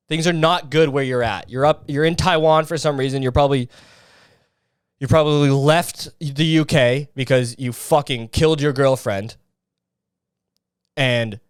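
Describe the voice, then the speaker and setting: A man's voice: mid-range voice, clean tone, no echo, studio quality. A man hosting a podcast, ranting in a crude, sarcastic and mocking way. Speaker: podcast host. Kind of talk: casual podcast rant.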